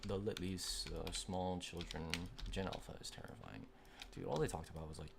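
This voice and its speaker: A young man chats loosely while streaming a game, rambling through fillers and quick gripes. His low voice has a gravelly edge. The mic is noisy, with typing and keyboard clicks behind him. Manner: rambling, filler-heavy, easily irritated. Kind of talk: casual gaming stream chat. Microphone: desk microphone.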